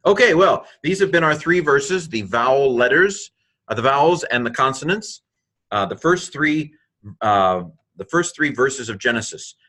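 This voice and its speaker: A man teaching a recorded lesson, slowly spelling out letters one by one and thinking aloud as he goes. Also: mid-range voice, lively intonation, sharp tone.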